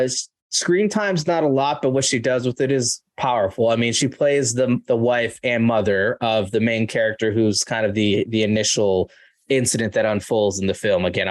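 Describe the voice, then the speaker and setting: A man hosting a casual film podcast, talking in an animated way and saying "dude" and "like" often. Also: mid-range voice. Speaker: podcast host. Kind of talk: casual chat.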